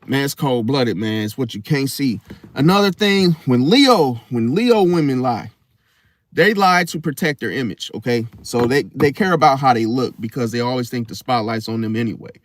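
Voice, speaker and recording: A man's voice: medium pitch, animated, moderate pace, slight background noise. A young man giving a blunt, emphatic casual monologue about astrology, often stopping and restarting. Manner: emphatic, repeats "see?", blunt and profane; stop-start restarts. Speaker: astrology commentator.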